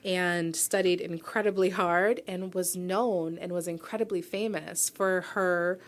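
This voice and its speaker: A woman's voice: fairly low pitch, fairly even intonation, unhurried. Earnest, reflective woman in her forties. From New York, USA. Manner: earnest and reflective, often asking "right?". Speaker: guest, publisher and founder. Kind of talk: radio interview, personal story. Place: radio studio.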